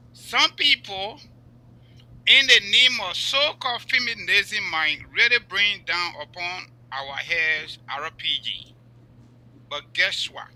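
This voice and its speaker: A man's voice: high voice, bright, forceful tone, rough recording. A man speaking as a talk show guest, upbeat and wordy, fond of grand adjectives. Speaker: panel guest.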